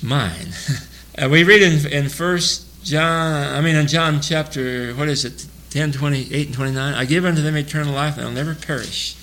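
An older man teaching through a Bible passage verse by verse, chuckling often, mixing homespun asides with slow scripture reading. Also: a little high, sharp tone, a little hiss or hum, poor audio.

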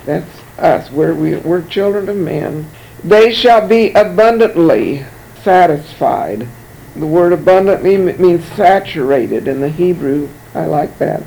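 Mężczyzna wygłaszający kazanie, wysoki, chropawy głos. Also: male voice, a little high, expressive, unhurried, gravelly, low-quality recording. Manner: reads verses aloud then comments warmly, repeats words. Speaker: preacher. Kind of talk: sermon with scripture reading.

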